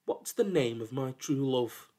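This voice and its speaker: A man's voice: medium pitch, expressive, a little slow, mellow, close to an everyday voice. A man voicing a brave, earnest young boy hero in a storybook reading. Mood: suspicious.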